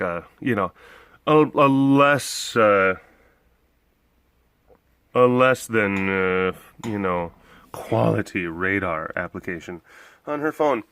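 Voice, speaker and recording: A man's voice: fairly low pitch, expressive, unhurried, long pauses, fairly bright tone, no echo. A young man vlogging at a big cat enclosure, rambling through a story and acting out other voices. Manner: chatty, often acts out other voices, laughs a lot.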